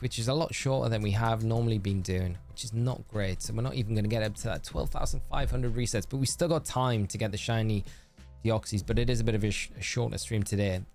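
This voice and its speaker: A man's voice: on the low side, a little mellow. A man streaming a game live, chatting casually and reading viewer messages aloud as he answers them.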